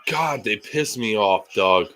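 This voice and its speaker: Man, live game reaction stream, bright voice, slow drawn-out delivery, frustrated swearing rants. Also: fairly low pitch, expressive, soft background music.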